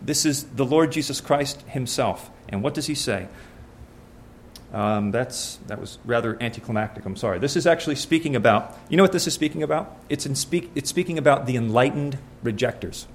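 A man's voice: mid-range voice, animated, fairly quick, a little hiss or hum. Earnest male preacher quizzing his congregation. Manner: asks the congregation questions, earnest and conversational. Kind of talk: sermon with scripture reading.

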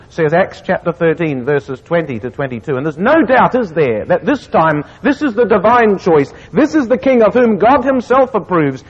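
A man's voice: high-pitched, expressive, breathy edge. Man preaching in an echoing hall. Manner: earnest, with slow emphatic scripture reading. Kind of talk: sermon. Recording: muffled recording in a reverberant hall.

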